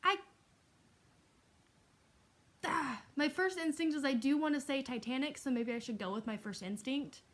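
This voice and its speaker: Young woman, casual Q&A vlogger, chatty and a little higher-pitched, lots of "um" and "like". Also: normal speed, pauses often. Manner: chatty, laughing, with frequent "um" and "like". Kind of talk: casual Q&A vlog.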